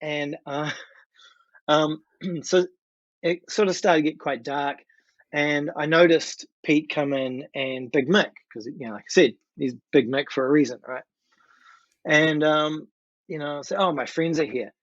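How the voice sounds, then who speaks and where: A middle-aged man with a New Zealand accent, a guest musician telling a story in a lively, animated way. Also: on the high side, unhurried, dry recording. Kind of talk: casual storytelling. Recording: dry, dull lo-fi sound.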